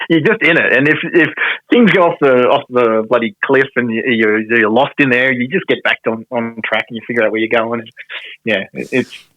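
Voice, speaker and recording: Animated Australian man telling stories. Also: mid-range voice, moderate pace, dry recording, dull audio. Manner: animated, laughs often, mild swearing. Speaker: guest, pro wrestler. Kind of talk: casual storytelling.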